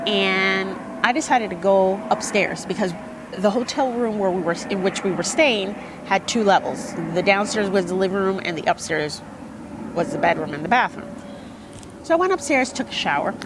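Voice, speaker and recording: A woman's voice: medium pitch, slight background noise. A middle-aged woman giving a speech that tells a personal story. She talks conversationally, with asides and questions to the audience. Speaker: speaker.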